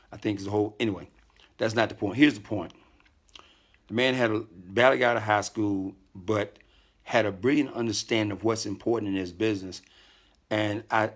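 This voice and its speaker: A middle-aged man hosting a casual live stream from a hotel room, talking calmly, greeting viewers by name and often repeating himself. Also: fairly low pitch. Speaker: network marketing leader hosting a live stream.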